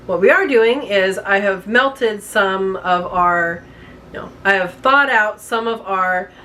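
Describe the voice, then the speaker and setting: A woman's voice: mid-range voice, takes it slowly, bright, forceful tone, a little hiss or hum. Chatty woman with hiccups, cooking at home. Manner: chatty, talks while working, apologizes for hiccups. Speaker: home cooking channel host. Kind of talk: casual cooking demonstration.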